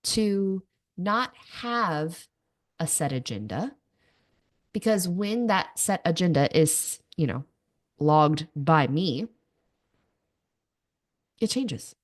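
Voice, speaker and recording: A woman's voice: fairly low pitch, lively intonation, takes it slowly, pauses often. A woman in her thirties hosting a podcast, telling personal stories candidly with self-mocking asides. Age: 30s. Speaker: podcast host. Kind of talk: personal monologue.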